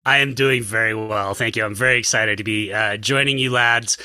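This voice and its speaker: American male guest, bright forward voice, relaxed casual delivery. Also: fairly low pitch, a little fast, no room sound. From Utah, USA. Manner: relaxed, laid-back, joking. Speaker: podcast guest. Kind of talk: casual podcast chat. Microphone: video call.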